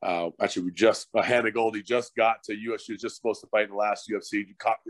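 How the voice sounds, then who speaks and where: A man's voice: fairly low pitch, fast, no echo. A middle-aged man, a former hockey fighter turned coach, telling stories in a casual, profane podcast chat. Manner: profane, animated storyteller.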